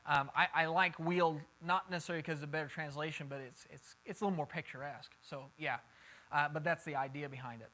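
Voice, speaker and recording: A man's voice: a little high, fairly even intonation, fast talker, pushed and bright, low-quality recording. A man preaching a Bible lesson in a conversational way, often repeating words as he thinks and taking questions from his listeners. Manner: takes questions from the group. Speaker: pastor teaching a Bible study. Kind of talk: sermon.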